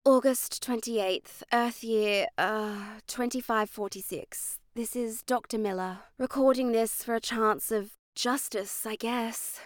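A woman voicing a weary female doctor making a recorded log. Her delivery is flat and hesitant, with a slightly raised voice. The sound is dry. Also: on the high side, slow pace, few pauses, no room sound.

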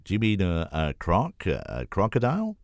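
A man's voice: low voice, sing-song, normal speed, darkish tone, no room sound, studio quality, pitched above the performer's own voice. A man doing a timid young gorilla prince. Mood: nervous. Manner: hesitant, stammering.

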